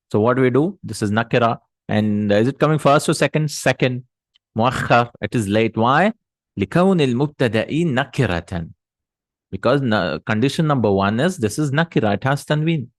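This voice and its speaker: A man's voice: medium pitch, no room sound. A man teaching Arabic grammar in a recorded lesson, explaining step by step and answering his own questions.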